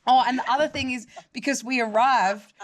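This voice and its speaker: Speaking fairly quickly in a high voice, this young Australian vlogger chats casually while recounting a story. She swears freely and gets animated, mimicking others' words in put-on voices.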